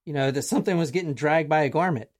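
A woman hosting a casual chat, telling a true crime story in an animated way, swearing casually and acting out quotes. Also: low voice, fast talker.

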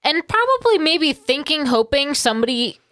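A woman in a casual podcast chat with a somewhat high voice, blunt and emphatic, swearing for emphasis. Her voice is close and dry, with no room sound. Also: very animated, normal speed, fairly bright tone, no room sound.

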